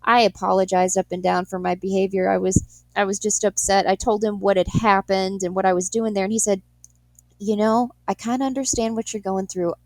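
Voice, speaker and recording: Animated woman telling a story, dry sound. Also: mid-range voice, fairly quick, no room sound. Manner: animated, laughs a lot, acts out quotes. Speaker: guest, in-home pet euthanasia worker. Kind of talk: storytelling in an interview.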